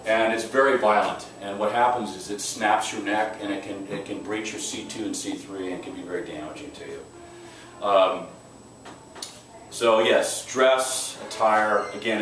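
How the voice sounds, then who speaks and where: A man's voice: on the low side, a bit bright. Male self-defense instructor, emphatic and direct, heard from a distance in a very echoey room. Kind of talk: teaching a class. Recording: echoey room, mic far off, faint noise.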